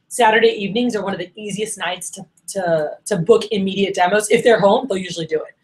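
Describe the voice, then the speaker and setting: A woman coaching a room of sales managers, energetic and direct, acting out check-in calls with her reps. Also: medium pitch, quick pace, low-quality recording. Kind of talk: training workshop talk.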